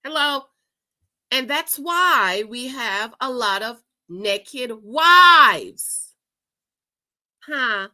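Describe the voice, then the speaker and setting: Woman host, reaction commentary; emphatic, animated storyteller with a bright, crisp voice. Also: high voice, very slow, long pauses. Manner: emphatic, animated, laughs often, says "okay?" a lot. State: married.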